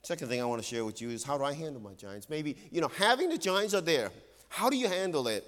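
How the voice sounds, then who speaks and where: A man's voice: big pitch swings, fast. Earnest preacher man with hall echo. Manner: earnest, swings between loud emphasis and hushed low tones. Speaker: pastor. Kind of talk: sermon. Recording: long hall reverb.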